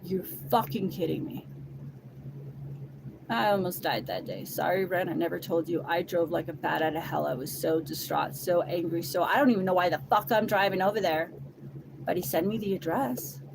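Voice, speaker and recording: A woman giving an emotional personal testimony, profane and halting, swinging between loud outbursts and quiet sighs. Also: fairly low pitch, creaky, noisy background. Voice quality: profane, raw and halting, many restarts.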